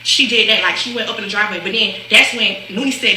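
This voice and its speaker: Fast, animated woman telling a story. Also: mid-range voice. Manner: animated, acts out quotes, laughs often. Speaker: storyteller on a reaction video. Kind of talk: casual storytelling. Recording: echoey room with faint hiss.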